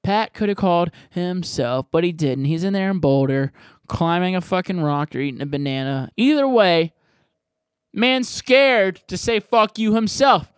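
Profane rambling podcast host. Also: male voice, sits high, normal speed, smooth, no room sound, clean studio sound. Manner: rambling, profane, jokey and loud. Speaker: podcast host answering voicemails. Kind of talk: casual podcast chat.

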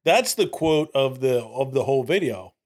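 Man, podcast co-host, animated, lively pitch, casual chat. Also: moderate pace. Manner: animated, repeats and quotes lines for laughs.

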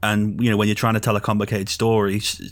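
A man chatting casually about films, agreeable and measured. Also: on the low side, completely flat delivery. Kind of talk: casual film chat.

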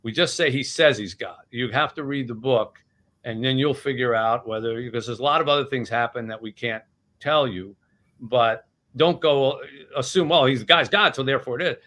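A man's voice: medium pitch, normal speed, a bit bright. A man in his sixties, an author talking casually about his book in an interview. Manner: chatty, retelling scenes with voices. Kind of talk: animated storytelling in conversation.

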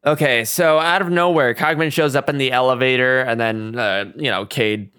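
A man with a smooth, clear voice hosts a laid-back movie chat. He works through his notes out loud, chuckling as he goes. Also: medium pitch, moderate pace. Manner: reads from notes, chuckles often. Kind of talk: casual movie discussion.

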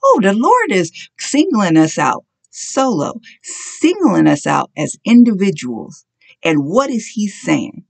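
A preacher delivering an impassioned sermon of repeated short commands that climbs at times into shouting. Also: mid-range voice, big pitch swings, slow, vocal fry. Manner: impassioned exhortation, rising to shouts.

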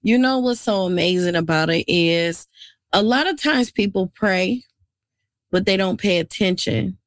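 A woman hosting a podcast interview, responding warmly and reflecting on prayer and faith. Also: medium pitch, unhurried, no echo, clean studio sound. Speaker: podcast host.

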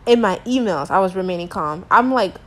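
A woman's voice: mid-range voice, animated, a little fast, a bit bright. A young woman telling a frustrating story to camera in a casual rant, exasperated and slangy, with many filler words. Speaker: teacher.

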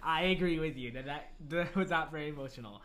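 A man's voice: a little high, fast, a bit bright. A man co-hosting a casual podcast, teasing his friend and laughing as he talks. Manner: teasing, playful, laughs between words. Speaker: podcast co-host. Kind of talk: casual chat.

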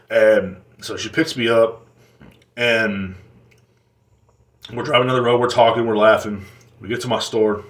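A man's voice: mid-range voice, fairly bright tone. Profane rambling man in a roomy room. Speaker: podcast host. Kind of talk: casual solo rant. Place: seated indoors in a chair.

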